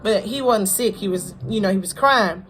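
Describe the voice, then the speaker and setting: A young woman vlogger from Florida tells a personal story to camera in a mid-range, slightly bright voice, with faint music behind her. She speaks haltingly and repetitively, heartfelt and sprinkled with casual slang.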